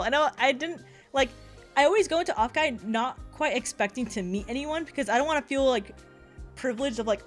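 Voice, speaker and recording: Fast-talking giggly young woman streamer. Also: sits high, lively intonation, faint music behind. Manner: fast, rambling, giggly, lots of filler. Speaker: VTuber streamer. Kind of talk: casual chat stream.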